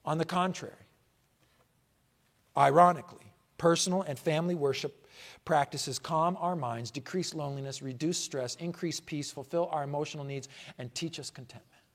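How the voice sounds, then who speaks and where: A male pastor preaches a sermon emphatically and repetitively, posing rhetorical questions and shifting between loud declarations and hushed asides. His voice is on the high side, and his pace is moderate.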